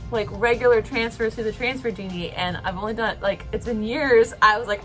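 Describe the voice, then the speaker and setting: A woman's voice: on the high side, fairly quick, few pauses, music in the background. A young woman telling an emotional personal story to camera, rambling with lots of fillers. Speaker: vlogger.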